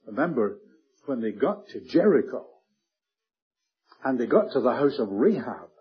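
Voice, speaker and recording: A man preaching a Bible sermon earnestly, slowing and dropping his voice on key words. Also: medium pitch, sing-song, breathy edge, lo-fi sound. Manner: earnest, emphatic, slows and drops to a hush on key words.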